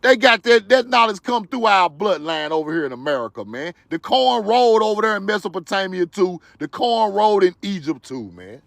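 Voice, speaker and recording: A man hosting a livestream, talking straight to his viewers in an animated, preachy, joking way with loud bursts of laughter. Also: high-pitched, a little fast, gravelly, hardly any pauses, dry recording. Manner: talks to viewers directly. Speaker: livestream host. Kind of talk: excited livestream commentary.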